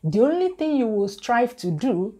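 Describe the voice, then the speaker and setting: A woman's voice: fairly high pitch, big pitch swings, dark tone. A middle-aged Nigerian woman with a Nigerian accent who talks to camera on her channel, earnest and careful. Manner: earnest, slow and careful, reading out viewer comments. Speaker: YouTube creator. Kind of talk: talking to camera.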